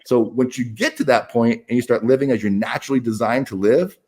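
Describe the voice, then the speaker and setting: A man's voice: medium pitch, a little fast, warm tone. A middle-aged man, a podcast guest, talking candidly in a blunt, profane way with frequent restarts. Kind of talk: candid conversational storytelling.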